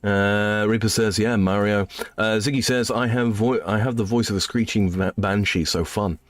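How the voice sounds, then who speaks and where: A man's voice: lowish voice, fairly even intonation, moderate pace, dry recording. A man in his thirties streaming a game, casually rambling as he reads chat messages aloud and answers them. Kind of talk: casual live-stream chat while gaming.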